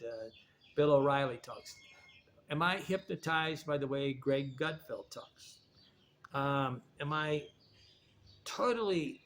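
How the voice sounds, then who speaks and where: A man's voice: a little high, slight background noise. A man talking in a rambling, digressive monologue, often restarting his sentences. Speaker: video essayist.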